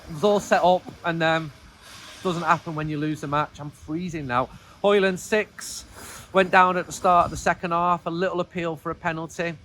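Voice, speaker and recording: A man's voice: fairly high pitch, fairly even intonation, normal speed, bright, forceful tone, a little hiss or hum. Frustrated man rambling outdoors in the cold. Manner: frustrated, rambling, self-deprecating. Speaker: football fanzine editor giving player ratings. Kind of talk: casual spoken video commentary. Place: outdoors at night, in cold wet weather.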